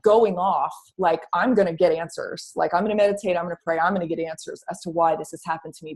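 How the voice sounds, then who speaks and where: A woman with a somewhat low voice shares a deeply personal story with an interviewer. She talks candidly and casually, slipping into the voice of her past self and swearing now and then. Her speech is full of restarts and repeated words. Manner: animated, quotes her own past thoughts, casual swearing; repeats words, many fillers. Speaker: guest telling her story.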